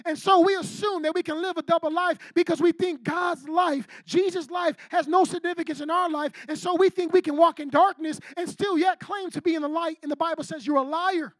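A young male preacher with a high-pitched voice gives a casual, slangy youth sermon. He speaks bluntly and acts out the voices of people he quotes. The sound is dry and close. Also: steady tone, a little fast, hardly any pauses, fairly bright tone, dry recording. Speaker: youth pastor. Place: church youth service before a live group.

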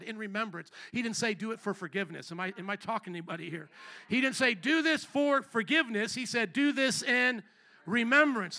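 Man, pastor, sermon in a church, congregation responses, high voice. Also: sharp tone. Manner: call-and-response preaching, asks the congregation questions.

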